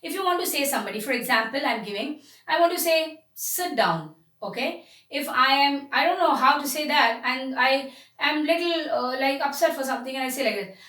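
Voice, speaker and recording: A woman's voice: sits high, a little fast, sharp tone, reverberant, far from the mic. A woman teaching communication skills, explaining with many fillers and restarts. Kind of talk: spoken lesson.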